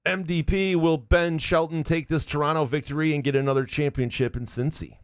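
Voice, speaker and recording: A man's voice: fairly high pitch, fairly even intonation, fairly quick, clean tone, no room sound, studio quality. A man in his forties co-hosting a casual sports podcast, reading listener questions aloud and teasing with profane jokes. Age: 40s. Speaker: podcast co-host.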